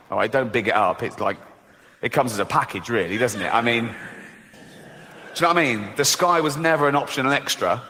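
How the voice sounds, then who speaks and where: A man's voice: medium pitch, normal speed, pushed and bright. A man doing stand-up comedy on a large theatre stage, sarcastic and profane with mock indignation, on a handheld mic. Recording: long theatre hall reverb.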